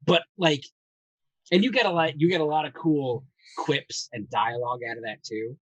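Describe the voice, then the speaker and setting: A man's voice: on the high side, moderate pace, a bit bright, no echo, distant mic, rough recording. A man chatting casually about tabletop role-playing, rambling and enthusiastic, swearing freely as he tells stories. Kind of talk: casual chat.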